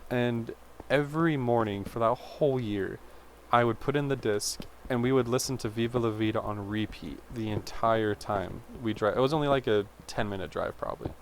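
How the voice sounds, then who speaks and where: A man's voice: mid-range voice, moderate pace, few pauses, a little hiss or hum. A man in his twenties, a vlogger, telling a rambling personal story in a chatty way, full of fillers and tangents. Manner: chatty, self-interrupting, full of "like".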